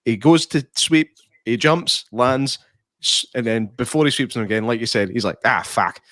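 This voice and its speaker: A man's voice: medium pitch, normal speed, fairly bright tone, dry recording, clean studio sound. A man co-hosting a casual podcast, joking and laughing easily as he reviews a film. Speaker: podcast co-host. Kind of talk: casual movie review chat.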